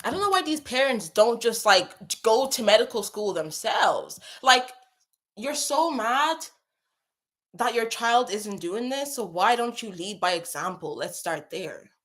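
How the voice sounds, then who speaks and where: A young adult woman with a fairly high, fairly bright voice speaks in an animated yet unhurried way. She hosts a casual advice chat, reading viewer messages chattily and emphatically and repeating phrases for stress.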